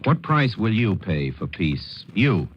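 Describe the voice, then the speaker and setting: A man's voice: on the low side, big pitch swings, slow pace, dull audio, slight background noise. A man delivering a wry, theatrical scripted commentary on a 1940s radio broadcast.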